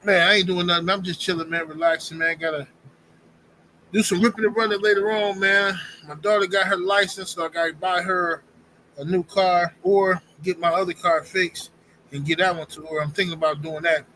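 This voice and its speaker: A man's voice: high-pitched, level tone, moderate pace, bright, forceful tone, a little hiss or hum, low-quality recording. A man in his forties hosting a livestream, talking bluntly and slangily in casual commentary. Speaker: livestream host.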